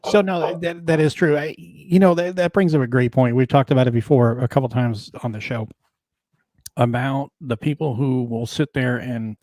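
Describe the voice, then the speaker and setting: A man's voice: medium pitch, fairly even intonation, moderate pace, a little mellow, dry recording, studio quality. A man hosting a casual podcast chat, talking in a loose, rambling way with many fillers. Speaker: podcast host.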